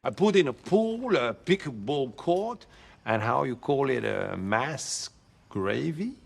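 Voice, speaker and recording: A man's voice: mid-range voice, lively intonation, slow, vocal fry, breathy edge, full character voice. An actor playing a flamboyant, menacing male drug lord in a film comedy, speaking mangled English in a heavy put-on accent. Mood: boastful. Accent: put-on foreign accent.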